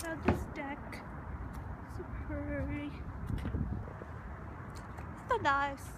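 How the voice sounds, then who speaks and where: This young vlogger in her twenties speaks extremely slowly, her high voice fairly even, as she chats giggly and casual to the camera in a car and a park. The recording is very noisy, with music behind her.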